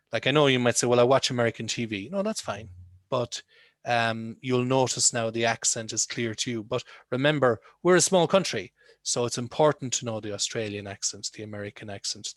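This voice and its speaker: A male English teacher leads a lesson over a video call, asking his students questions in a conversational way. The sound is dry and close, with no room echo. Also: mid-range voice. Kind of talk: online lesson.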